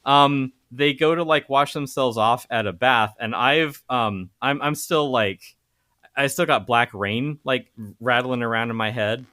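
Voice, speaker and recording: Man co-host, bright forceful tone, dry wry humor, casual podcast chat. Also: mid-range voice, measured pace. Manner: wry, laughing, dry jokes. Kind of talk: casual movie-review chat.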